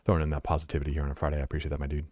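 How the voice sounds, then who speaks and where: A man's voice: a bass voice, completely flat delivery, rapid-fire, darkish tone, no room sound. A man streaming a strategy game, chatting casually, swearing freely and breaking off to give his dog commands at home. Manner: laid-back, swears freely, talks to his dog between game commentary. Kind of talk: casual live-stream chat.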